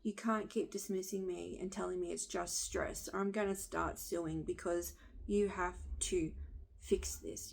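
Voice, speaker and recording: A woman in her thirties with a husky voice, bluntly venting her frustration to the camera and swearing along the way. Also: medium pitch, darkish tone. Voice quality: husky smoker-like voice. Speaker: vlogger.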